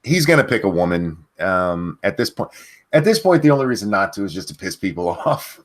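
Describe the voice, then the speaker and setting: A man co-hosting a casual news podcast, talking in a low voice with lively, swinging intonation. He is laid-back and halting, with plenty of fillers and restarts. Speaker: podcast host.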